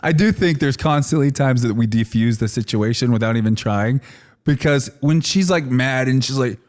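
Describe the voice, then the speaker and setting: A man in his thirties telling a story in relaxed, rambling casual chat as a podcast guest, often laughing and saying "like". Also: mid-range voice, normal speed. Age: 30s.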